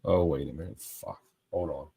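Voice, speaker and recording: Rambling excitable man on a call. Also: very deep voice, moderate pace, creaky, husky. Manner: rambling, excitable, trips over words. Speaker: panel guest. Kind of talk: casual panel chat.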